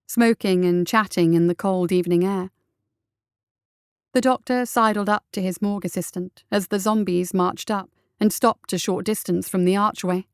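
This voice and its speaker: A woman narrating a piece of fiction in a steady, measured storytelling voice. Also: medium pitch, smooth, no room sound, studio quality. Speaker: reader.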